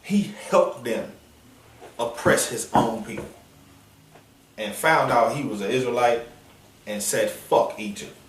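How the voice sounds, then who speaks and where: A man preaching on a downtown street in a forceful, confrontational, slangy manner, with call-and-response from listeners. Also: mid-range voice, slow, long pauses, a little hiss or hum. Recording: echoey street sound from a distance.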